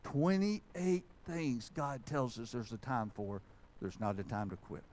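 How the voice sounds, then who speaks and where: Animated preacher telling a story. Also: male voice, medium pitch, a little slow, poor audio. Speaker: pastor. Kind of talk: sermon. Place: church sanctuary.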